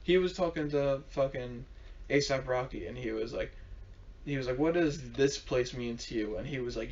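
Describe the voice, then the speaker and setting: A man's voice: medium pitch, moderate pace, a little mellow. A young man co-hosting a casual podcast chat, slangy and swearing often, retelling stories with quoted voices. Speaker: podcast co-host. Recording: dull lo-fi sound with faint hiss.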